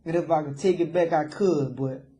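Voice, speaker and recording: Crowd noise and an echoey room surround a young jailed suspect being interviewed. Speaking remorsefully at a moderate pace in a voice on the high side, he frequently calls the interviewer "sir."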